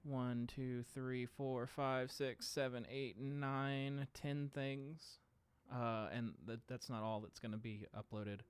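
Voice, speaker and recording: A man hosting a casual livestream from home, talking in a relaxed, rambling way with lots of filler sounds. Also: medium pitch, slow pace, smooth. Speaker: podcast host streaming live.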